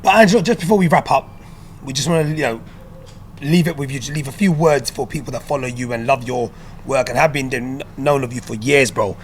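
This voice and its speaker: A man with a London accent hosts a podcast in relaxed conversation, his words tumbling out quickly. He leans on street slang and friendly address. A faint hum of the room sits under his voice. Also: mid-range voice. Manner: quick, slangy, calls guest bro and bruv. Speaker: podcast host.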